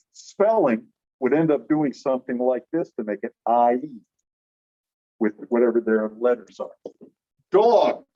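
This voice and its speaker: A man's voice: mid-range voice, dark tone. A man teaching a classroom lecture, explaining step by step and putting questions to the class. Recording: dull lo-fi classroom recording.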